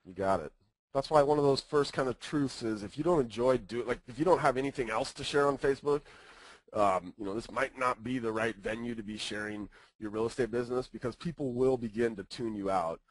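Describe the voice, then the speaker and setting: A man's voice: medium pitch, fairly quick, dry recording, poor audio. A man giving a casual webinar presentation, talking conversationally and often checking in with his listeners.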